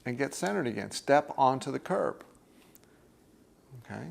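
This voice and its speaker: A man's voice: medium pitch, animated, unhurried, vocal fry. A man teaching a workshop group in a conversational way. He often checks in with "okay?" and acts out inner voices while he explains.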